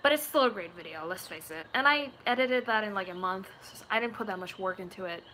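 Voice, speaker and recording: A woman's voice: medium pitch, fast talker, bright, forceful tone, slight background noise. A woman video creator chatting casually with her viewers, talkative and self-deprecating. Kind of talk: casual live chat.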